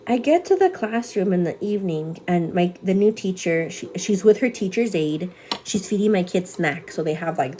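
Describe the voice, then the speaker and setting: A woman's voice: mid-range voice, dark tone, slight background noise. A young woman hosting a live morning show, telling a long story in a casual, chatty way and calling her viewers girl.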